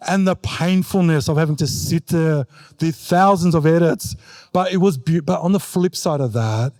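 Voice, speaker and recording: A man talks on a book festival panel in a notably high voice. He tells stories with energy and slips into impressions of others. The sound is close and dry. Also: normal speed, dry recording. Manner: animated storyteller who mimics his mother in a raised voice. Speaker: author and refugee advocate.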